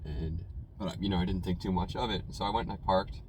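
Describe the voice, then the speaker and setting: A young man with a fairly low voice, recounting a story in a loose, rambling way. He keeps slipping in casual fillers as he goes. He is sitting in a car, and a faint hum of noise runs underneath. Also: steady tone, quick pace, a little mellow, poor audio. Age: young adult. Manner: rambling, conversational, full of "you know" and "man". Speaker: food reviewer telling a story.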